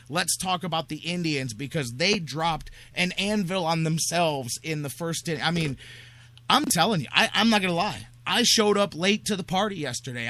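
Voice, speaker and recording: Excitable male sports radio host, bright voice pitched a little high, rambling monologue. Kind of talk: casual sports talk show monologue.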